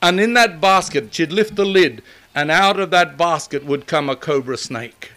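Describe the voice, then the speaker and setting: An older man preaching a sermon, emphatic and building to forceful repetition. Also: a little high, lively intonation, moderate pace.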